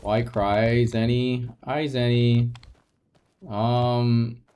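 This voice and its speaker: A young man chats on a live gaming stream in a soft, rambling way, often restarting his sentences. His voice sits in a middle pitch. A faint hiss of background noise runs under the recording. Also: monotone, very slow. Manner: rambling and soft-spoken, with frequent restarts and light laughs. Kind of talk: casual live-stream chat while gaming.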